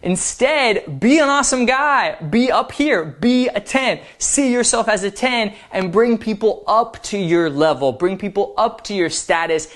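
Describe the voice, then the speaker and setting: A man's voice: high voice, animated, a little slow, few pauses, a bit bright. A man giving dating advice as a coach, explaining in a playful, upbeat way. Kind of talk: instructional talk to camera.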